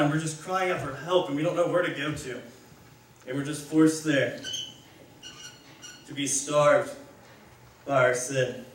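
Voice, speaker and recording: A man's voice: on the high side, fairly bright tone, a little hiss or hum. A man giving a casual, conversational sermon, rambling and correcting himself as he goes. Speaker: speaker. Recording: echoey hall, mic far off.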